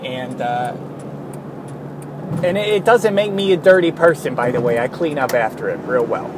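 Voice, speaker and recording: A man's voice: medium pitch, normal speed. Tired rambling man, traffic noise. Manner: tired, rambling, self-mocking, tangents. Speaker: vlogger. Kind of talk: casual rambling vlog. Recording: steady traffic noise behind.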